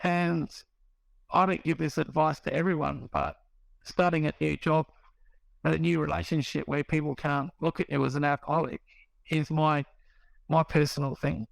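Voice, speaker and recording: A middle-aged man tells his story in a loose, rambling way, stopping to restart and acting out the back-and-forth of old conversations. His voice sits a little high and has a gravelly, creaky edge. The recording is dry, with no room sound. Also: fairly even intonation, moderate pace, no room sound, rough recording. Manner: rambling, restarts, acts out quoted dialogue. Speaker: guest sharing recovery story. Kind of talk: casual storytelling.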